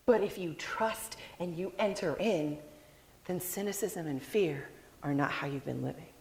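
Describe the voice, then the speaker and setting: Give me a woman preaching a sermon with expressive storytelling. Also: fairly low pitch, creaky, long reverb tail, slight background noise. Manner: expressive storytelling, acting out quoted lines.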